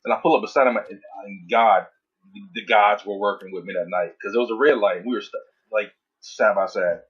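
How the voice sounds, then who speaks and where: Profane, animated man on a dull, husky mic. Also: fairly low pitch, fairly quick. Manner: animated storytelling with heavy swearing. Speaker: podcast co-host. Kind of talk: casual chat. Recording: dull lo-fi audio.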